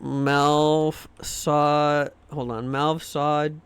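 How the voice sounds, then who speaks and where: A man's voice: a little high, flat delivery, drawn-out words, fairly bright tone, clean tone, no room sound. A man streaming a game live, chatting in a rambling, jokey and crude way. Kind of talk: casual gaming stream chat.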